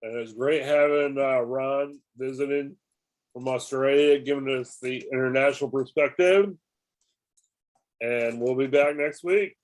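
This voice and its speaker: A man hosting a casual podcast chat, signing off in a relaxed way. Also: medium pitch, measured pace. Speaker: podcast host.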